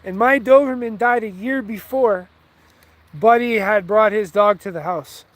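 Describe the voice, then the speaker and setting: High-voiced man telling a profane story. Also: a little slow, dry recording. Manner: profane, heated, rambling. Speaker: vlogger. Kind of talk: casual storytelling.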